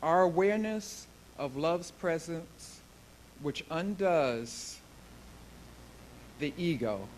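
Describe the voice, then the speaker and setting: A man reading a book excerpt aloud at a spiritual service in an earnest, deliberate way. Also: a little high, lively intonation, a little hiss or hum, poor audio. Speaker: guest reader at a spiritual service.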